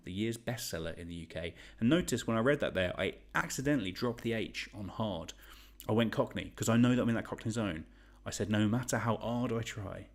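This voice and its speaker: Chatty quiz host, lowish voice. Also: male voice. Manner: chatty, rambling, joking. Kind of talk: live online quiz hosting.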